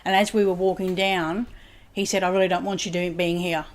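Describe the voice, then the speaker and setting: A woman's voice: fairly low pitch, flat delivery, fairly quick. A woman, a psychic medium guest in a casual home interview, who rambles and keeps retelling conversations with "he said". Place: home lounge room.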